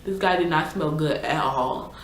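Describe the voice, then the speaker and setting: A woman's voice: low-pitched, moderate pace, a little hiss or hum. A young woman, chatting casually and exasperatedly through a storytime vlog with lots of fillers. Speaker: YouTuber. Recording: echoey room.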